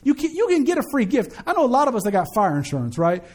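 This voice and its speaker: Thirties guy preaching, kinda high pitched, funny stories then punches it hard. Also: huge pitch swings, fast, darkish tone. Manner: casual, joking preacher, rising to emphatic declarations. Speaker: pastor. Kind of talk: sermon.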